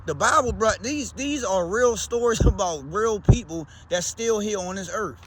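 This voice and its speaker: A man's voice: high-pitched, expressive, moderate pace, a bit bright, slightly rough. A man with a Baltimore accent, talking in a loose, slangy, rambling way as a vlogger. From Baltimore, USA. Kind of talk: casual rambling chat.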